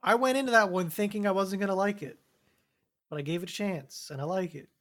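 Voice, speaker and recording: A man's voice: high-pitched, brisk, fairly bright tone. A young man co-hosting a casual chat, easygoing and agreeable, often laughing. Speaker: podcast co-host.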